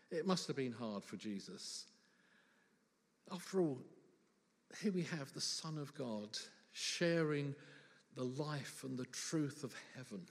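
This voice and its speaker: A man's voice: fairly high pitch, darkish tone, long reverb tail. A man preaching a sermon in church, conversational and humorous, full of rhetorical questions.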